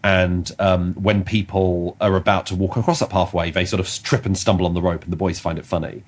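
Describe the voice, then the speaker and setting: A man's voice: low voice, fairly even intonation, a little fast. A man co-hosting a comedy podcast, chatting casually and telling rambling stories full of restarts. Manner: rambling, self-interrupting storytelling with restarts. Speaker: podcast co-host.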